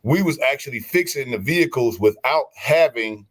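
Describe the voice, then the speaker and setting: Animated man telling stories on a stream. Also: medium pitch, normal speed. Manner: animated, preachy storytelling with many restarts. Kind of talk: casual chat.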